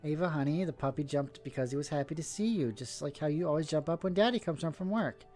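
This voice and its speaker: A man voicing a gentle young father who soothes his frightened little daughter in a soft, coaxing voice. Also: fairly high pitch, quick pace, faint music behind, voice pushed up, lightly acted. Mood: soothing.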